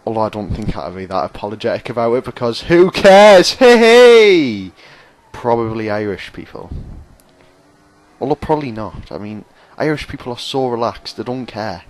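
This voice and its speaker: A man's voice: fairly low pitch, fairly quick, darkish tone, no echo. A man commentating over his own racing game, rambling, sarcastic and mocking himself. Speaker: gaming commentator.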